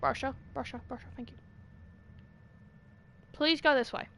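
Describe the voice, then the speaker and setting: A woman's voice: high-pitched, steady tone, moderate pace, creaky, a bit bright. A young British woman livestreaming a game, chatting and pleading with the characters in an exasperated way. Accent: British English. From Britain. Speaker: streamer. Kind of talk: gaming commentary.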